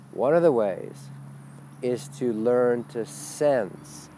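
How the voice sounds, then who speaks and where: Man, mid-pitched spiritual teacher, blunt and profane webcast talk. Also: gravelly, dark tone, slight background noise. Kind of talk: webcast monologue.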